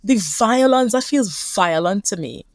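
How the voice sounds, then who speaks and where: A woman's voice: mid-range voice, expressive, unhurried, no room sound, studio quality. A woman with a Caribbean accent, a couples therapist speaking earnestly and reflectively as a guest in a conversational interview.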